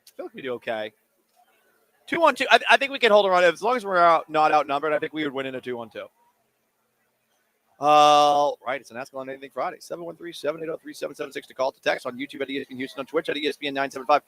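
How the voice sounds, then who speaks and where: Man, 30s, sports talk host: animated, jokey, slightly high voice, dry close mic. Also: quick pace, dry recording. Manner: animated, jokey, talks while eating. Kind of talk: casual call-in radio talk. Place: radio studio. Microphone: studio microphone.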